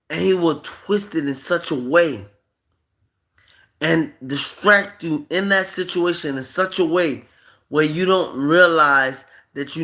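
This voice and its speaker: A man's voice: fairly high pitch, bright, forceful tone. A man preaching in an impassioned monologue on a live stream, emphatic and firing off rhetorical questions.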